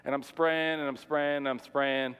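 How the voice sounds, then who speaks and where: A man in his thirties, a pastor telling a personal story in a sermon, animated and conversational with frequent restarts and fillers. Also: medium pitch, moderate pace, clean tone. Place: church sanctuary. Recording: long reverb of a large hall.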